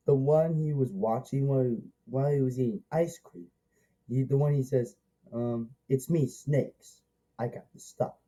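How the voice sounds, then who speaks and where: Slow-talking man, very dark mellow voice. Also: on the high side, rough recording. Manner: rambling and repetitive, eager, many restarts. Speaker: movie reviewer. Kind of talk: casual spoken movie review.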